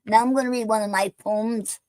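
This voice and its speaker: A woman hosting a poetry livestream, reading her own poems slowly with many fillers and restarts. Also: on the high side, fairly even intonation, a little mellow, no echo.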